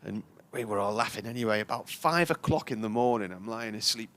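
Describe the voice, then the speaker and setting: A man's voice: lowish voice, brisk, a bit bright. A man, commentating on live cricket and telling a long, chatty anecdote. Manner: chatty storyteller, puts on voices for characters in his tales.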